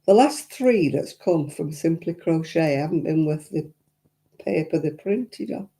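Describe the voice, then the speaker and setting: Gravelly older Lancashire woman chatting. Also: deep voice, expressive, unhurried, warm tone. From Royton, North West England. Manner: chatty, rambling, frequent chuckles. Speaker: crafting livestream host. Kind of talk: casual chat reading viewer comments.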